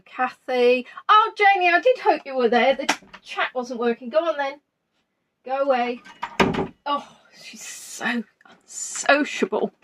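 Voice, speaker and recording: A woman's voice: high-pitched, fairly bright tone. A woman chatting casually from her spare room at home before an online tour, greeting viewers by name with plenty of ums. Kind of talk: casual pre-tour chat on a live stream.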